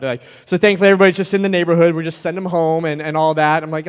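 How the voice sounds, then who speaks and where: His fairly high, clean voice moves quickly with few pauses. He's a man in his thirties speaking at a youth event, giving a sermon full of jokes and stories in a conversational style. The audio echoes the way a hall does.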